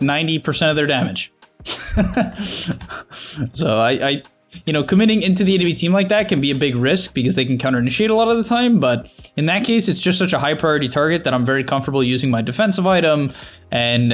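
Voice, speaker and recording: A man commentating his own match in a casual, thinking-aloud way, critiquing his plays with restarts and quick laughs. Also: medium pitch, fairly bright tone. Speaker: gameplay commentator.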